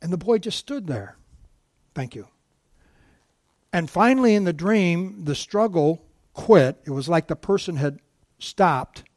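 A man's voice: fairly high pitch, no room sound. A man giving a sermon as a guest preacher, telling a story with many restarts and asides to the congregation.

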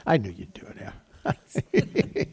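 A man's voice: darkish tone, no echo. A male pastor giving a conversational, folksy sermon in church, chuckling between points.

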